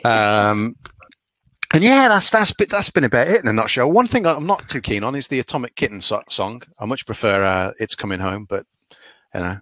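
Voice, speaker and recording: Middle-aged guy, low voice, chatty rambling host, dry close sound. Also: expressive, fairly quick, bright, forceful tone, no echo. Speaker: dentist, podcast host. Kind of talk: casual chat.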